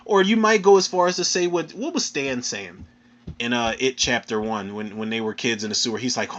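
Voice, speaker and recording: Profane, animated man reviewing a film. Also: fairly high pitch, fairly quick. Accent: Philadelphia. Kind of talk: casual film review rant. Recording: dull lo-fi recording.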